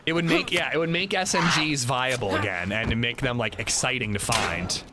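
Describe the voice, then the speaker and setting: Game-stream commentary from a man with a mid-range voice at normal speed, loose and rambling with plenty of filler words. Noisy hiss sits in the background.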